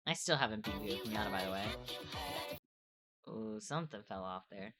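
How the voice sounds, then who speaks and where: A woman's voice: extremely low pitch, animated, moderate pace, loud music behind the voice. A young adult woman from the United States, chatting casually and laughing often while co-hosting an art stream. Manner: laughs often, playful teasing. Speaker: co-host streamer. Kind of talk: casual chat while drawing.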